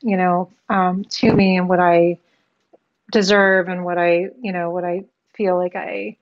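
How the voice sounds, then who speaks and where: A woman, a therapist and artist, talking as a podcast guest in a reflective, halting way, thinking aloud with many pauses. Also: fairly low pitch, little pitch movement, dull audio. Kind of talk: casual conversational interview.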